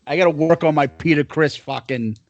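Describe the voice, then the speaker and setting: A man's voice: a little high, a little fast, no room sound, muffled recording. A man co-hosting a podcast in loose, rambling casual chat full of fillers. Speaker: podcast co-host.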